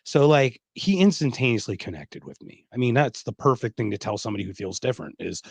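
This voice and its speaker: Animated middle-aged man telling a story. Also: medium pitch, fast, gravelly, hardly any pauses, husky, no echo. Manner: animated, emphatic storyteller who acts out quoted dialogue. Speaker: podcast host. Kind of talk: casual conversational storytelling.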